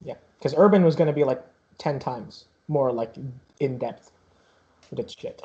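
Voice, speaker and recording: A man's voice: mid-range voice, moderate pace, a little mellow, husky, dull audio. A man narrating a tabletop game as game master in a rambling, casual way, stacked with fillers and restarts.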